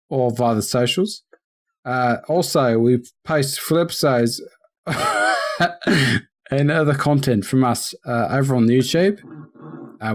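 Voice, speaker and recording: A man co-hosting a casual gaming podcast, talking loosely with lots of ums and restarts. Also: mid-range voice. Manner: rambling, with many ums and restarts. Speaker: podcast co-host.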